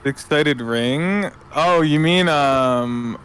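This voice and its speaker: Young man, casual game chat, fairly high voice, rambling, profane. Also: very slow, fairly bright tone, a little hiss or hum. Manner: rambling, profane, laughing asides. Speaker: gaming commentator.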